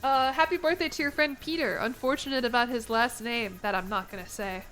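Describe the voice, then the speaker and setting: A woman's voice: on the high side, fairly even intonation, fairly quick, fairly bright tone, soft background music. Chatty young woman streamer rambling. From United States. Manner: rambling, playful, laughs between lines. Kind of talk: casual game-stream chat.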